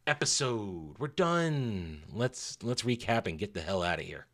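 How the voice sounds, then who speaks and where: A male reviewer talking through an episode in a loose, opinionated style. His voice is bright and forceful, and his delivery is sarcastic and mocking. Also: medium pitch, animated, moderate pace, hardly any pauses. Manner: sarcastic and scornful, with mocking asides. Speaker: show reviewer.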